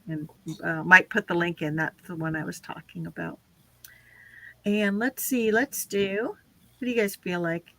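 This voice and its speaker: A woman's voice: medium pitch, bright, forceful tone, no room sound. A woman hosting a casual live stream, chatting with guests and running through lists of names. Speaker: livestream host.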